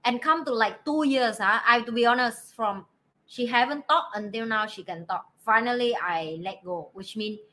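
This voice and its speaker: A woman in her thirties chats casually as a podcast co-host, her voice pitched a little high with a bright, forward ring. She speaks simple non-native English and acts out her stories with animated voices for each person. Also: normal speed. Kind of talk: casual chat.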